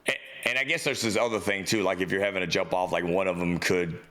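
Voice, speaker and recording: A man's voice: low-pitched, fast talker. A young man co-hosting a podcast in casual chat, telling stories with lots of swearing and acting out the other people in them. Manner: animated storyteller, swears freely, acts out quoted voices. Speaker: podcast co-host.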